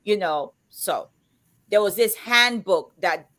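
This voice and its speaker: A woman in her fifties who talks loudly and emphatically, as if shouting, chatting on a live show. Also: mid-range voice, animated, slow. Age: 50s. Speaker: co-host of a live chat show. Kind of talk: casual chat.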